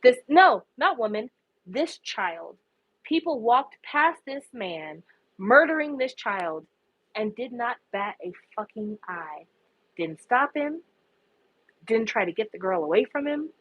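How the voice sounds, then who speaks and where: A woman's voice: on the high side, big pitch swings, slow, breathy edge, dry recording, highs cut off. A woman giving impassioned, profane casual commentary, her voice rising in anguished outbursts. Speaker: K-pop commentary vlogger.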